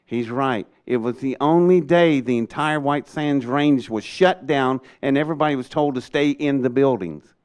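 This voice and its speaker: Older male storyteller, animated and chatty, laughs his way through the tale, mid-pitched. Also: normal speed, hardly any pauses, clean tone. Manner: lively, laughs often, acts out quoted people. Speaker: speaker recounting a rocket test.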